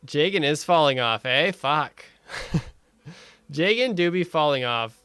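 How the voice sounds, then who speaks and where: Laid-back young man streamer, bright voice. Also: on the high side, slow pace, clean tone, no echo, faint music behind. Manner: laid-back, swears, laughs often, reads chat aloud. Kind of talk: casual stream chat.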